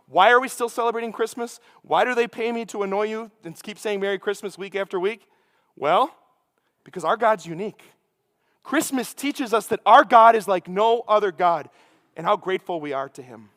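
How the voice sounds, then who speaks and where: Young Midwestern man, priest-style homily: high, bright voice, casual asides, long church reverb. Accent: Midwestern American. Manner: animated and conversational, with quick asides. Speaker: preacher giving a homily. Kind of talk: sermon. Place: large church.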